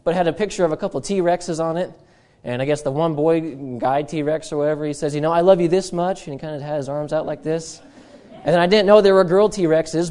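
A man preaching in a relaxed, storytelling way, his voice sitting a little high yet sounding warm and mellow. He jokes at his own expense and keeps slipping in chatty asides as he builds toward his point. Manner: chatty, self-mocking, many asides. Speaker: pastor. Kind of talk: humorous storytelling sermon.

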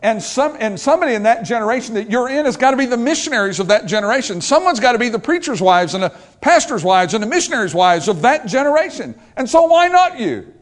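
A man's voice: very high voice, big pitch swings, fast, hardly any pauses. An older man preaching a sermon as pastor, emphatic and repetitive, driving points home with rhetorical questions.

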